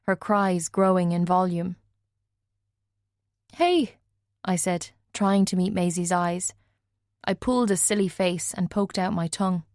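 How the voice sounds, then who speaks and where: A woman narrating a first-person audiobook in a measured way, lightly voicing the other characters. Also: medium pitch, darkish tone, no echo. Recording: dry studio recording.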